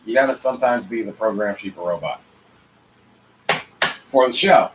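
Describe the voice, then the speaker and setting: A man hosting his own show alone, rambling in a free-associating monologue with rhyming wordplay, dropping to mutters and rising to loud outbursts. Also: lowish voice, moderate pace, background noise. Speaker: show host.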